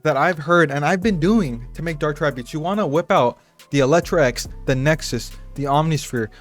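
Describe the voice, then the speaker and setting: A young man runs a loose beat-making tutorial in a slightly high voice, rambling and swearing in hype slang. Loud dark trap beats play behind him the whole time. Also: normal speed, faint music behind. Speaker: music producer tutorial host. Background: trap beats playing.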